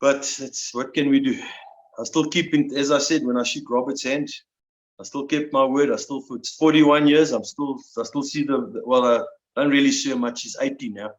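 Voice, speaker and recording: Man in his 60s, emotional, stumbling restarts, mid-pitched voice, roomy and slightly dull recording. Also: steady tone. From South Africa. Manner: emotional, halting, with many restarts and repeated words. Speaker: interview guest, army veteran. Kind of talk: personal storytelling.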